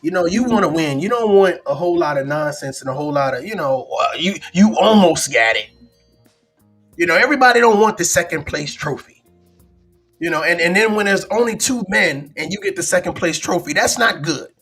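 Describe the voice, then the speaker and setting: This livestream host's voice is a little high, a bit bright, and breathy at the edges, and he talks briskly and animatedly over soft background music. Casual in tone, his talk show chatter often slips into impressions of other people's voices.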